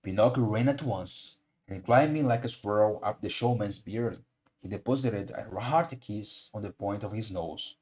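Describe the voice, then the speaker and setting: A man with a fairly low voice reads a storybook aloud at a measured pace. He sometimes slips over a word and reads the line again. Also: darkish tone. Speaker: audiobook reader. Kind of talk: storybook narration.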